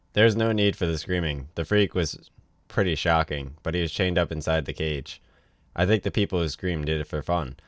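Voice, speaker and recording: A man's voice: low-pitched, moderate pace, pauses often, dry recording, studio quality. A man reading a novel aloud on a livestream, in a casual way with offhand asides. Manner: casual read with ad-libbed asides. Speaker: reader.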